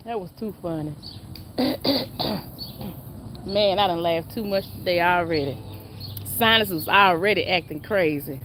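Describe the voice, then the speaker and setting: A woman's voice: mid-range voice, lively intonation, measured pace, bright, forceful tone, a little hiss or hum. A woman, chatting and laughing with viewers on a casual live stream. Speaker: livestream host.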